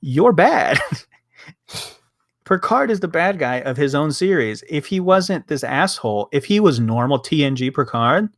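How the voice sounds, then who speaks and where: A man's voice: a little high, lively intonation, a little slow, dry recording, studio quality. A young man co-hosting a casual review chat, ranting and swearing as he acts out quotes from the show. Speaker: podcast co-host.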